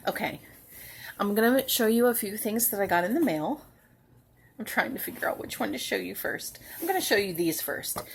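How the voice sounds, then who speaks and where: A woman hosting a home cross-stitch video, chatting casually and sounding tired, with soft asides that trail off. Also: mid-range voice, lively intonation, moderate pace, vocal fry, a little hiss or hum. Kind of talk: casual chat to camera.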